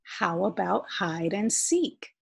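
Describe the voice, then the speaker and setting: A woman's voice: mid-range voice, takes it slowly, creaky, husky, heavily acted. A woman voicing a playful, teasing male shadow spirit in a storybook. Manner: teasing, calm.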